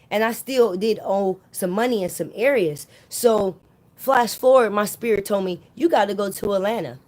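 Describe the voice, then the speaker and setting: A woman's voice: mid-range voice, darkish tone. A woman vlogger casually telling a personal story straight to her viewers, chatty and often calling them "you guys".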